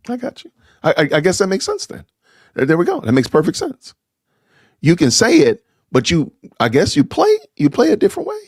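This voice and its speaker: A man's voice: high-pitched, darkish tone, no room sound, clean studio sound. A middle-aged man hosting a podcast, delivering an indignant, stammering commentary rant and often repeating himself. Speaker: podcast host. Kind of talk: live-streamed commentary rant.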